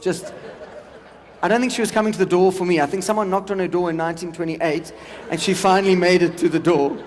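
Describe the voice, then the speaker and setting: A man in his forties doing stand-up, his voice pitched notably high for a man. He chats loosely with the crowd, and his words ring out with a long echo across a large hall. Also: fairly even intonation, fast talker. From South Africa. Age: 40s. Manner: chatty crowd work with the audience. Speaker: stand-up comedian. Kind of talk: stand-up comedy. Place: large event hall with a live audience.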